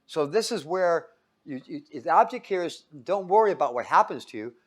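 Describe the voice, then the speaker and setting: A lively man preaching with a somewhat high, very expressive voice that swings up and down. He tells the story in a relaxed way, keeps chuckling and asks his listeners questions. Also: normal speed. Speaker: preacher teaching a Bible study. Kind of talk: casual sermon.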